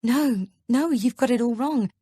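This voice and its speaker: A woman's voice: fairly high pitch, unhurried, mellow, slightly rough, no echo, voice pushed up. Bewildered young mother, tense and incredulous, as the narrator voices her; dry studio read. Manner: tense, raised, incredulous questioning. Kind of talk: audiobook character reading.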